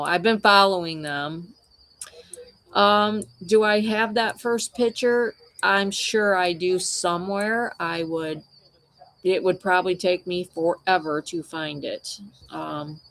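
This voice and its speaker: A woman's voice: fairly low pitch, steady tone, takes it slowly, gravelly, a bit bright. A woman wildlife photographer chatting casually with livestream viewers, telling meandering, conversational stories.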